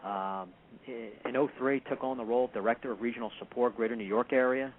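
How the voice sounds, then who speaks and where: A man co-hosting a radio talk show, announcing upcoming guests in a brisk casual way. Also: medium pitch, fairly even intonation. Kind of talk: casual on-air chat. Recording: tinny phone-like radio audio with faint noise.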